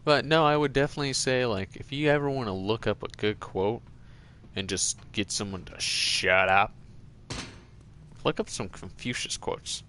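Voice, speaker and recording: A man's voice: mid-range voice, moderate pace, fairly bright tone, slight background noise. A man hosting a gaming channel, chatting casually while he plays and drifting from one joking tangent to the next. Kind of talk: casual commentary while playing a game.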